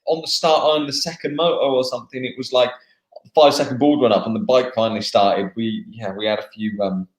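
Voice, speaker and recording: A man's voice: medium pitch, steady tone. Chatty English man in an echoey room. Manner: chatty, laughing, halting with fillers. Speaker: motocross racer, guest. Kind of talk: live online interview, casual chat.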